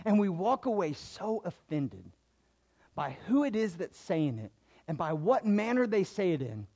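Male pastor, high-pitched, animated sermon delivery with dramatic voice swings. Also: measured pace. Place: church hall before a congregation.

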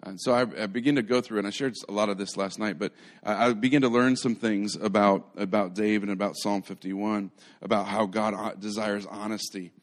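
A man's voice: lowish voice, fairly even intonation, brisk. A man preaching a sermon in a conversational way, retelling stories animatedly and often restarting his phrases. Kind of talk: live sermon.

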